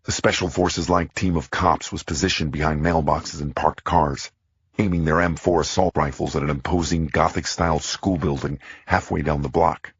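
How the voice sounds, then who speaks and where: A man narrating a crime thriller audiobook in the first person, tense and measured. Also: extremely low pitch, fairly even intonation, breathy edge, no room sound, muffled recording.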